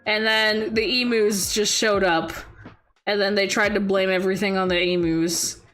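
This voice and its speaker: A woman's voice: medium pitch, fairly even intonation, normal speed, a bit bright, faint music behind. A young woman streaming and chatting casually with viewers, rambling and giggling as she talks.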